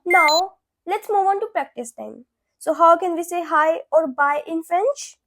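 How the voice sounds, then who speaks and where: Slow, high-voiced woman teaching French. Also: fairly bright tone, slight background noise. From India. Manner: slow, repeats each phrase twice. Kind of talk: beginner language lesson.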